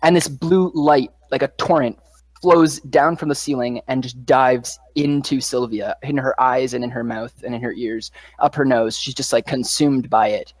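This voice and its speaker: A man's voice: mid-range voice, steady tone, normal speed, dry recording. Guy running a tabletop game, storytelling with lots of likes and ums, dry close sound. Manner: vivid storytelling with loose fillers. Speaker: game master.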